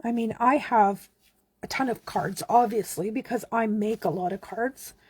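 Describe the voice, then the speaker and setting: A woman from Canada giving a relaxed, chatty card-making tutorial, talking as she works. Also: fairly high pitch, normal speed, husky, no echo. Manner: chatty, relaxed, talks while working. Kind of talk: casual craft tutorial.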